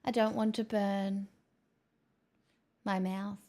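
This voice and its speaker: A woman's voice: medium pitch, little pitch movement, takes it slowly, mellow. A woman live streamer chatting casually with her viewers at home in her kitchen, playful and self-mocking.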